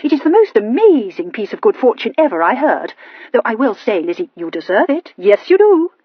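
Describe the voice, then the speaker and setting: A loud, tart society wife gushes and gossips, as a woman reads her, her voice pitched high and husky. She swoops through her lines with open relish. The recording is dull and close. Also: big pitch swings, a little fast, no room sound. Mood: gushing. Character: tart, gossipy worldly young married woman.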